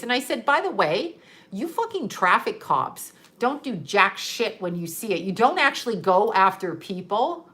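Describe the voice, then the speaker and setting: A middle-aged woman with a fairly high, sharp voice rants through a story in a casual, blunt, sarcastic way. She swears freely and laughs often.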